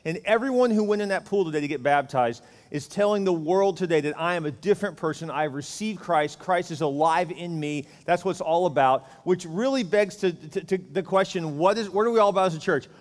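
A man's voice: sits high, fairly quick, hardly any pauses. A man pastor giving a conversational, joking sermon full of rhetorical questions. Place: church sanctuary. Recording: church hall reverb.

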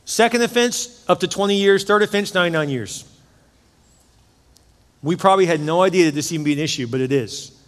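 Middle-aged pastor guy preaching, kinda high voice, joking around, big echoey church hall. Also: lively intonation, fairly quick, long pauses. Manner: emphatic, conversational preaching with jokes. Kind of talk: sermon. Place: church sanctuary. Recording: long church-hall reverb.

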